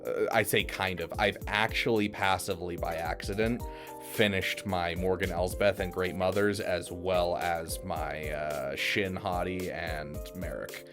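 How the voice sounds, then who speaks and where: A man co-hosting a casual gaming podcast, talking in halting bits with many restarts and fillers. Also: deep voice, fairly even intonation, music in the background. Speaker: co-host.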